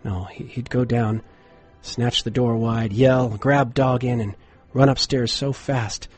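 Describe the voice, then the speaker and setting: A man narrating a horror story in a measured, dramatic way, dropping to a hush for suspense. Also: medium pitch, steady tone, husky, soft background music.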